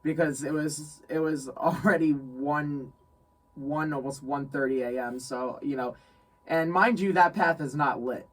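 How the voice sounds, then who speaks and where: A young man from New York telling a story in casual chat, animated, laughing often and repeating phrases. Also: fairly high pitch, measured pace, recorded from a distance, low-quality recording. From New York State. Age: young adult. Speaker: guest friend.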